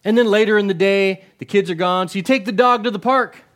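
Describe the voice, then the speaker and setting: A man's voice: high-pitched, brisk, a bit bright. A middle-aged male pastor giving a conversational sermon, often asking the congregation questions and repeating words.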